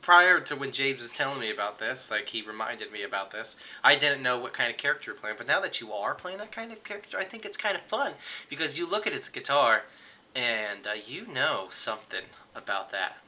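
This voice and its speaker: Lively, bright-voiced game master. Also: male voice, mid-range voice, fairly quick, slight background noise. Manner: chatty, loose, with many fillers and restarts. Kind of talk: narrating a tabletop game.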